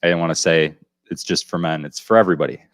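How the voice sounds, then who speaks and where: A man with a very low voice chats casually as a podcast co-host, spinning rambling anecdotes and dry puns. The sound is close and dead, with no room around it. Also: steady tone, fast, dry recording. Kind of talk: casual chat.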